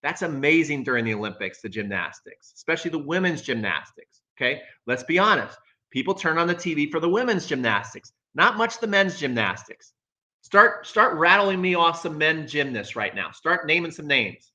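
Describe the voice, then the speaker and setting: A man's voice: on the high side, sing-song, normal speed, pushed and bright. A man hosting a casual live stream, giving emphatic opinions on tennis, repeating his points and answering viewer comments.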